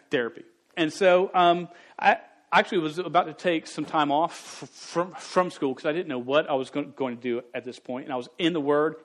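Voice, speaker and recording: A man in his forties preaching to a youth group in a slightly higher voice. He speaks with a stutter, often repeating the first syllable of a word. His delivery is earnest and candid. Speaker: youth pastor. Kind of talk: sermon.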